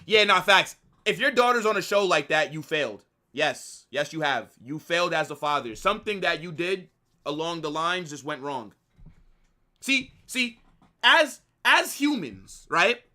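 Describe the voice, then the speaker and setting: A man's voice: high-pitched, bright, forceful tone. A young man casually chatting to his live-stream viewers in a slangy, rambling way. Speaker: watch-along streamer.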